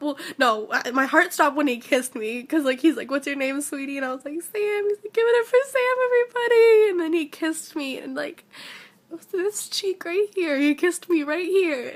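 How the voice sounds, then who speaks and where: A high-voiced teenage girl recounts a personal story in a breathless, gushing rush. Her speech is shaky and tearful, and she leans on "like" constantly. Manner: breathless, gushing, heavy use of "like". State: shaky and emotional, near tears. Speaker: vlogger.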